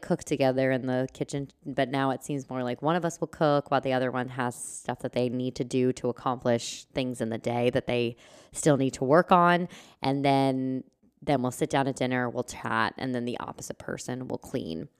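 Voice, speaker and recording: Woman podcast host, low and smooth voice, chatty solo talk, rambling asides. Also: darkish tone. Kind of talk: casual solo podcast chat.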